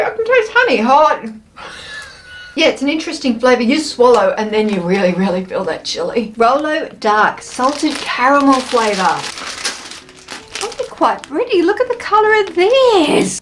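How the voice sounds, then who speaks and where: An Australian woman chatting bubbly and casually as she taste-tests snacks for her vlog, exclaiming and thinking aloud. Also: on the high side.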